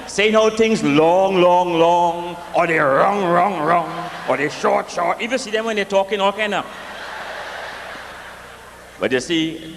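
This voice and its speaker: A man's voice: long reverb tail, a little hiss or hum. West Indian man telling comic stories. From West Indies. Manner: lively, animated, jokey with sing-song swings in pitch. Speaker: storyteller. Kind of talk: live comic storytelling.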